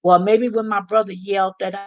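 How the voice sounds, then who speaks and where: An American woman hosting a live stream, chatting and telling stories with animated asides. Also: medium pitch, fairly quick, soft background music. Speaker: vlog host. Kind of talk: live stream casual chat.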